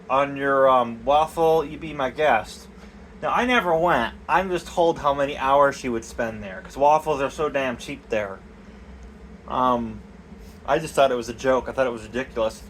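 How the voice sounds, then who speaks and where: A man's voice: medium pitch, moderate pace, a bit bright, a little hiss or hum. A young man rambling casually and crudely in a vlog, swearing often, talking outdoors in the cold. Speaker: DIY vlogger.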